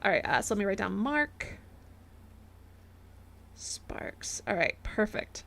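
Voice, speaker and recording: A woman's voice: mid-range voice, sing-song, takes it slowly, creaky, a bit bright, a little hiss or hum. A young woman streaming a game, chatting casually, giggling, reading donations aloud and yelping when startled. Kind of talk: casual live gameplay commentary.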